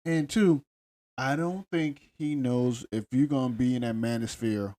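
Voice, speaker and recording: A man's voice: mid-range voice, unhurried, mellow. A man co-hosting a podcast, recapping reality TV in laid-back, argumentative casual chat. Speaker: podcast co-host.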